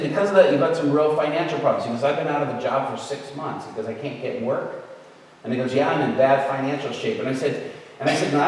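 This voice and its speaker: A man's voice: a little high, slight background noise. A man telling a story as a guest preacher, conversational and acting out the people he quotes. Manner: conversational, acts out quoted voices. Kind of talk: storytelling sermon. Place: large hall at a church camp event. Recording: echoey hall from far off.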